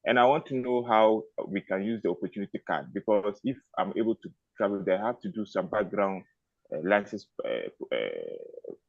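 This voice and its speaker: A man with a low voice calls in to a webinar as a nurse and asks his question haltingly. His audio sounds dry and dull, like lo-fi call sound. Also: big pitch swings, vocal fry, dry recording. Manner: hesitant, halting. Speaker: caller, nurse. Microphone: video call.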